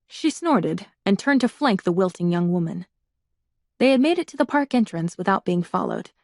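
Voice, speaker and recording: A woman narrating an audiobook in an even, measured reading voice on a close studio mic. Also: lowish voice, dry recording. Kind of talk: scripted narration.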